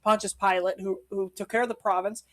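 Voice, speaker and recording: A man co-hosting a podcast, chatting casually, excitable and jokey, often cutting in. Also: sits high, a little fast, low-quality recording. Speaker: podcast co-host. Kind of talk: casual chat.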